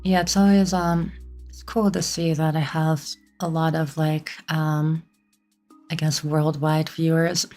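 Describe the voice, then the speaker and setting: Young canadian woman streaming, low voice, kinda flat, rambles with lots of like. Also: unhurried, faint music behind. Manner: rambling, lots of "like" and restarts, chats with viewers. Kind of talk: casual game stream chat.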